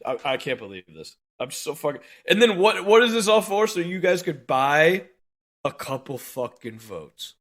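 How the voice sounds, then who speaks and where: A man with a bright, somewhat high voice co-hosts a podcast in a furious, profane rant. He swears in nearly every sentence and breaks into laughter between outbursts. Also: very animated, moderate pace. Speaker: podcast co-host.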